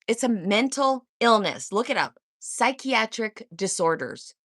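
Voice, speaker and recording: A woman's voice: on the high side, expressive, a little slow, fairly bright tone, no echo, studio quality. A woman hosting a livestream, talking back to chat viewers by name in a confrontational, sarcastic way and swearing freely. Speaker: livestream host. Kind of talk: heated live-chat monologue.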